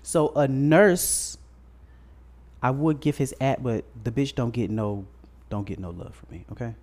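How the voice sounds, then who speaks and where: A man's voice: mid-range voice, measured pace, darkish tone. A man co-hosting a podcast in a casual chat, telling a story bluntly with crude slang. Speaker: podcast co-host.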